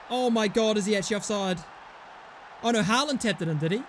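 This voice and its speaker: A man's voice: high voice, fast. A young man reacting to a football manager game, swearing constantly and swinging from panic to screaming joy. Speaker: gaming YouTuber. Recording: faint background noise.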